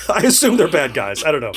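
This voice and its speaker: A middle-aged man giving casual commentary while he plays retro games, chatty and laughing often, thinking aloud as he goes. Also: on the high side. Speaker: retro gaming video host.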